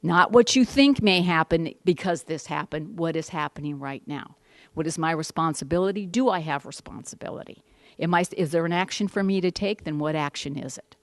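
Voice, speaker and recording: A woman's voice: sits low, fairly quick, no echo. A middle-aged woman giving a candid, rambling personal testimony at a support group meeting, with wry asides and many restarts.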